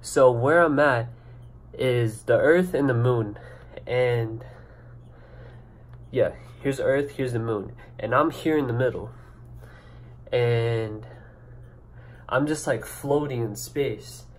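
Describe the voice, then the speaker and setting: Young man rambling through an excited story. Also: mid-range voice, slow, long pauses. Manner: excited, rambling, heavy "like" and "you know". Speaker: vlogger. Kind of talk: casual storytelling to camera.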